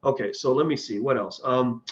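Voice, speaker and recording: A man's voice: mid-range voice, normal speed, lo-fi sound. A man hosting a casual livestream and answering viewer questions. He is blunt and opinionated, rambles, and often restarts his sentences. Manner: rambling and conversational, with frequent restarts.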